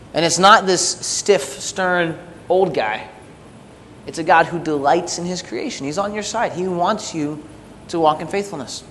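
Animated preaching man in a reverberant hall. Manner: animated, emphatic preaching, quieter closing prayer. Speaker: pastor. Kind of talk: sermon. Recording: reverberant hall with faint rumble.

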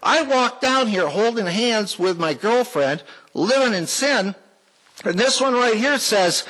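A man's voice: high voice, animated, a little slow, fairly bright tone, low-quality recording. A man giving a folksy, heartfelt personal testimony to a church congregation, with small jokes along the way. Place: church sanctuary, before the congregation.

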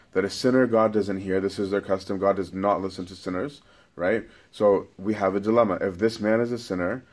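A man teaching scripture in a casual, conversational sermon, often tagging his points with "right?". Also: lowish voice. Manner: casual, keeps checking in with "right?". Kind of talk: conversational Bible-study sermon.

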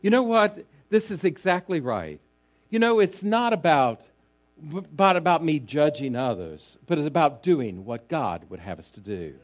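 A man preaching a sermon, reading scripture and then telling a long story in an unhurried way, often pausing on fillers and restarts, his voice trailing low at the ends of phrases. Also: sing-song. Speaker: pastor.

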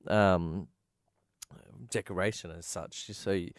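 A man's voice: sits low, steady tone, takes it slowly, no echo, studio quality. A man, co-hosting a casual chat and explaining technical details with plenty of fillers. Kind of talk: casual chat about motor racing.

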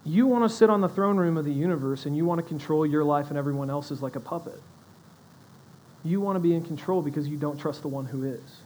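A young adult man preaching a sermon in a conversational style, with animated asides to his audience. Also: on the high side, fast talker, slight background noise, low-quality recording. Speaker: pastor.

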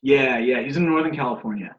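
Guest man, casual storyteller, curses freely, laughs a lot, acts out quotes; muffled lo-fi recording, average pitch. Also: quick pace, fairly bright tone. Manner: profane, laughing, acts out others' lines. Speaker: guest, pro wrestler.

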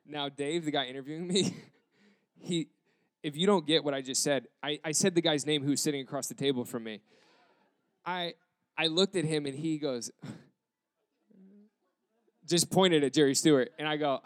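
A man in a casual storytelling style, retelling an embarrassing moment with self-deprecating, animated quoted dialogue. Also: medium pitch, moderate pace, pauses often, clean tone, no echo.

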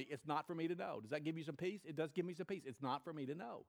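Pastor guy preaching, kinda high voice, goes big and loud then drops way down. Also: fast, gravelly, hardly any pauses. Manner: emphatic preaching, swinging from low and quiet to high and loud. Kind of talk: sermon.

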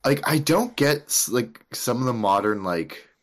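A man's voice: mid-range voice, expressive, a little slow. A man co-hosting a podcast, telling stories in a rambling way with frequent swearing. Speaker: podcast co-host. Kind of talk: casual chat.

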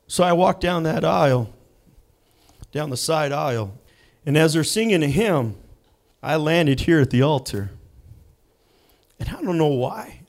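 Slow, higher-voiced preacher man. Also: expressive. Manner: slow storytelling with dramatic pauses. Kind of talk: sermon with personal testimony. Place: church sanctuary.

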